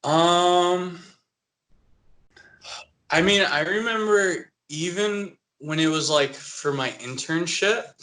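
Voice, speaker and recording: A man's voice: on the high side, a bit bright, a little hiss or hum. A young man from New Jersey, an animator guest on a podcast, talking in a loose, rambling way with lots of "like.". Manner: rambling, heavy use of "like". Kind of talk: casual interview chat.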